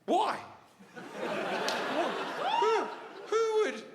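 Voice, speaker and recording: A shrill, exasperated mum who screeches in disbelief, as a male comic puts her on. Her cries jump high and carry long hall reverb on a live stage. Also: very animated, drawn-out words, over a noisy crowd, heavy background noise, heavily acted. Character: exasperated shrieking mother, older woman.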